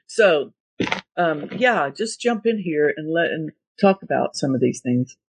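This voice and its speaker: Husky-voiced woman hosting an interview. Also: low voice, lively intonation, measured pace. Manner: gentle, encouraging questioning. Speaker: host.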